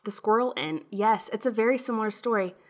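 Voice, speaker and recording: A young woman hosting a casual podcast chat, telling stories in a lively, animated way. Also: a little high, fairly quick. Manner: lively storyteller, animated retellings. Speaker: podcast host.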